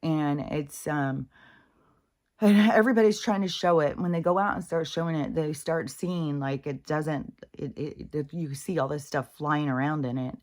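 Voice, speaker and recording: Low-pitched lady ranting on her vlog, sweary and fed up, lots of i-i-i restarts. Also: darkish tone. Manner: exasperated, swearing, mocking others in high put-on voices; halting restarts and repeated fillers. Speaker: spiritual vlogger. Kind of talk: casual rant to camera.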